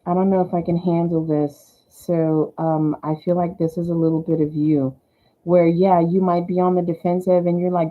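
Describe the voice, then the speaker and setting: A woman with a Southern US accent giving a casual tarot reading, chatty and giggly, softly thanking the angels. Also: on the low side, level tone, normal speed. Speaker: tarot reader. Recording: tinny phone-like sound.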